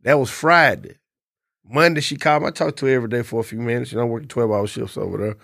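A man with a drawl tells a long story in casual chat. He's laid-back and profane, and he drops into other people's voices as he goes. His voice sits at a middle pitch, close and dry on the mic. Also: fairly even intonation, rapid-fire, creaky, a bit bright, dry recording. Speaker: podcast co-host.

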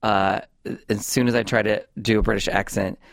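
A man's voice: lowish voice, normal speed, vocal fry, no echo, clean studio sound. Chatty man hosting a comedy podcast. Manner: chatty, rambling, animated with restarts. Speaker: podcast host. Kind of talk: casual comedic chat.

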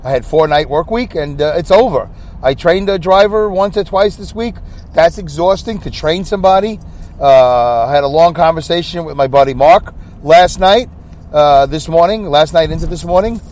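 A sleep-deprived man in his fifties from upstate New York hosts a solo podcast, rambling and losing his train of thought. His voice sits on the high side, a little mellow, at normal speed.

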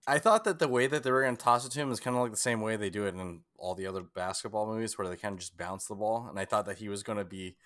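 A man's voice: on the low side, racing, hardly any pauses, no room sound, studio quality. Laughing man reviewing a movie. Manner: laughs often, animated storytelling. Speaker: podcast co-host. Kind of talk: casual movie review chat.

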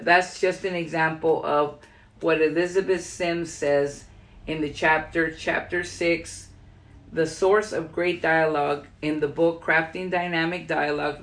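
A woman podcast host reading aloud from a book on writing, breaking off for loose conversational comments. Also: low voice. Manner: reads steadily, then adds loose conversational comments. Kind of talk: reading a writing guide aloud with casual asides.

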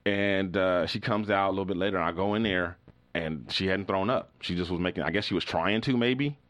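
A middle-aged podcast host with a low-pitched voice tells a long story fairly quickly in a loose, rambling way. He's animated, acting out the voices of the people in it, and his casual storytelling is full of "like" and restarts.

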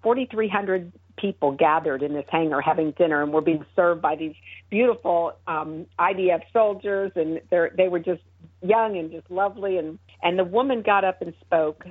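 A woman's voice: on the low side, normal speed, husky, no echo. A middle-aged woman, a guest on a radio show, earnestly telling a personal faith story with frequent fillers and restarts over the phone. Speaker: guest, founder of an advocacy group. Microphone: telephone. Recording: tinny, dry phone line.

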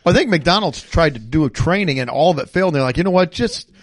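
Lively, joking man co-hosting a podcast. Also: fairly high pitch, quick pace. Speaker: podcast co-host. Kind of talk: casual podcast chat.

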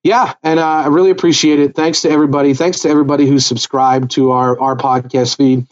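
Speaking fast with a flat delivery at medium pitch, a podcast co-host talks through a TV show recap in a casual but thoughtful, analytical manner. The audio is lo-fi.

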